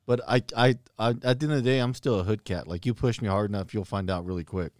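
A man's voice: lowish voice, fast talker, darkish tone, no echo, studio quality. A man chatting casually, earnest and reflective, repeating words as he works through a thought. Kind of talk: casual chat.

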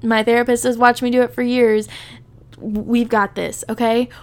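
A woman's voice: fairly high pitch, flat delivery, moderate pace. Gushing, foul-mouthed woman podcast host. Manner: gushing, profane, peppered with "like". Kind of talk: casual solo podcast talk.

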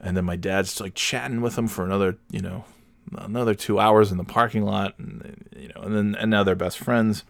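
A man talks casually into his home podcast mic, rambling and swearing freely with a self-deprecating edge. His voice sits fairly low. The sound is dry and close, with almost no room around it. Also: steady tone, a little fast, gravelly, dry recording. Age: adult with children. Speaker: podcast host. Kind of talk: casual solo podcast storytelling. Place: home recording setup.

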